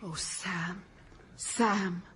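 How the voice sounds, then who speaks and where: An actress playing a melodramatic Swedish former sweetheart in a radio comedy, rambling and breathy. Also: female voice, lowish voice, steady tone, very slow, fairly bright tone, slight background noise. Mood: wistful. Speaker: lead character in radio sitcom.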